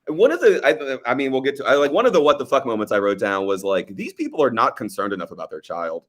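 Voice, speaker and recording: A man co-hosting a casual movie podcast, animated and profane, often acting out scenes as he talks. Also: medium pitch. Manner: fast, animated, profane, acts out film scenes. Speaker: podcast co-host. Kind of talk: casual movie review chat.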